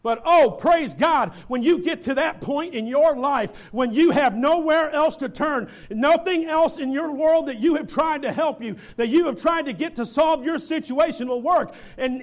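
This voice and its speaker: A man preaching a fervent sermon in a church, building from reading scripture to shouting exhortation. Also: very high-pitched, moderate pace, few pauses.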